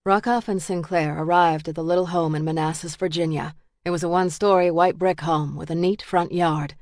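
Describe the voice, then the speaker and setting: A woman reading a dark thriller audiobook in a measured, steady way. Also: fairly low pitch, no room sound, clean studio sound. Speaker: audiobook narrator. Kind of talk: scripted thriller narration.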